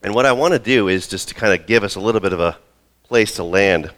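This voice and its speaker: Speaking fast in a deep, low, slightly bright voice, a male pastor walks his congregation through a story during a sermon. His storytelling is conversational, full of asides, and he acts out the quoted voices.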